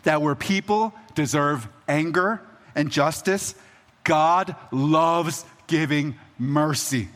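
A man's voice: fairly high pitch, slow, a bit bright, big-room sound. A man preaching a sermon in a conversational, joking way, often checking in with the audience. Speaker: pastor.

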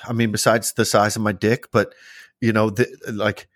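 An American man co-hosting a casual podcast, cracking crude jokes and swearing. His voice sits fairly low, and the sound is dry and close. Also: little pitch movement, normal speed, fairly bright tone, dry recording. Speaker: podcast co-host.

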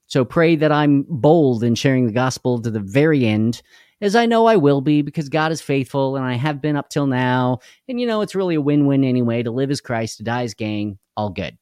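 A tired, worn-out man leads a live devotional in a relaxed, folksy way. He chats with his viewers and greets them by name. His voice is close and dry, with no room sound behind it. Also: mid-range voice, dry recording. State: tired and unwell. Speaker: devotional livestream host. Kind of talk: casual livestream devotional.

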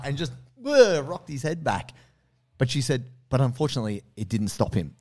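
Animated man telling a story. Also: mid-range voice, brisk. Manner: animated, swears freely, acts out quotes. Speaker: podcast host. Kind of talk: casual storytelling.

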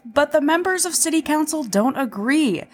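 A woman's voice: high voice, lively intonation, moderate pace. A woman hosting a podcast, recapping an episode in a chatty way, with swearing and self-deprecating asides. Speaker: podcast host.

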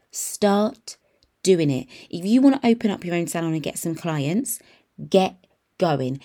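A woman's voice: on the low side, lively intonation, normal speed, dark tone. A woman in her thirties hosting a podcast, speaking in an upbeat, encouraging and emphatic motivational monologue. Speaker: podcast host and nail tech mentor.

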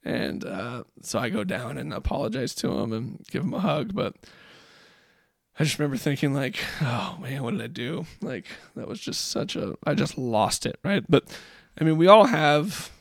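Gravelly-voiced man telling a dad story. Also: mid-range voice, expressive, moderate pace, no echo, studio quality. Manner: rambling and reflective, many fillers. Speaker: podcast co-host; father. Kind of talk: casual storytelling chat.

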